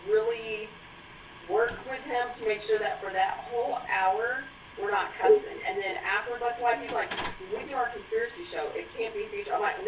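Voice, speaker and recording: A woman hosting a live stream after-show, chatting casually and swearing as she laughs through stories. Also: fairly high pitch. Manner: profane, laughing, animated storytelling. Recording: echoey room, far from mic, faint noise.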